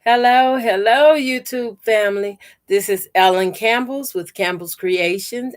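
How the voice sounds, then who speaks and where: A woman hosts a home livestream for her quilting channel. She speaks slowly in a slightly raised voice. She chats casually, says "y'all" often and greets each viewer by name as she holds her work up to the camera. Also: fairly high pitch. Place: home room by a door.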